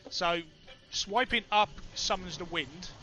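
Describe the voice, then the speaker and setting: A young man with a Cockney accent, chatting excitedly to his stream chat while he plays. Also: sits high, slow, a little hiss or hum. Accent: London Cockney. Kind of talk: casual let's play commentary.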